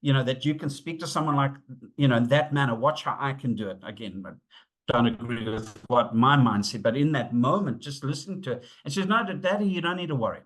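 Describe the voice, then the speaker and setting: A middle-aged man presenting a webinar on safety, telling stories in an animated way, acting out the dialogue and using frequent fillers. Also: mid-range voice, a little fast. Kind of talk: storytelling talk.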